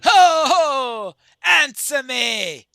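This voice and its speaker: A man's voice: very high-pitched, very animated, extremely slow, gravelly, pushed and bright, dry recording, studio quality, faint music behind, pitched above the performer's own voice, exaggerated voice. A man voicing a brutal male orc captain who bellows threats down a tower. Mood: furious.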